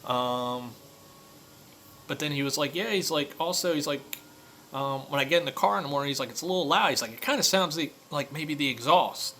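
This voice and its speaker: Male mechanic, casual storyteller, bright tone, faint background hiss. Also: on the high side, brisk. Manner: conversational storytelling, many fillers. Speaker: auto repair shop owner. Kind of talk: casual monologue rant.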